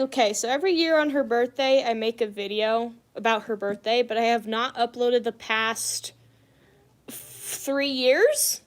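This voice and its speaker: A young woman chatting casually on a live stream at home, giggling often and rambling from one thought to the next. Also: fairly high pitch. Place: at home indoors.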